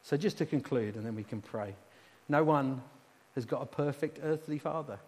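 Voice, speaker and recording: A man's voice: mid-range voice, moderate pace, a little mellow. A man preaching as a pastor, earnestly leading his congregation in call-and-response prayer. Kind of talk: sermon and closing prayer. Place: church hall. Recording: reverberant hall, faint hum.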